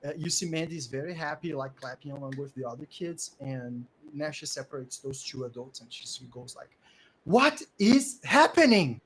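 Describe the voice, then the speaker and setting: A man with a Portuguese-speaking background narrating as game master in a lively storytelling way. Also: mid-range voice, fairly quick, hardly any pauses, a little hiss or hum, low-quality recording. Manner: lively storytelling with many "like" fillers. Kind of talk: narrating a tabletop game in English.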